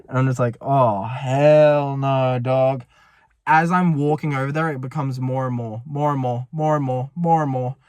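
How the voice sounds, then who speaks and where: A man's voice: mid-range voice, dry recording. A young man, rambling and panicky as he tells a story to camera from a parked car. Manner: panicky, rambling, swears a lot. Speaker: vlogger. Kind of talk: casual vlog storytelling.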